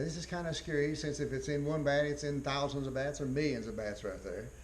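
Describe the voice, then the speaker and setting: A man giving a college biology lecture in a folksy way, repeating key phrases, spelling out terms slowly and often clearing his throat. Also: medium pitch, a little mellow, slight background noise, rough recording.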